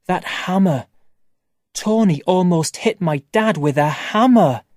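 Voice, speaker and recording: A reader narrating a first-person graded-reader story for language learners, reading slowly and clearly. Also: mid-range voice, a little mellow, no echo, clean studio sound. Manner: slow, clear, carefully paced reading. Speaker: audiobook reader.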